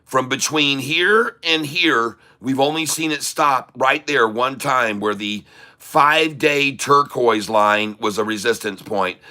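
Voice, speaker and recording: A middle-aged man streams his day trading live, pumping up his viewers with rhyming chants and rapid runs of repeated prices. His voice is bright and forceful, sitting at an ordinary male pitch. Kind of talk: excited live trading commentary.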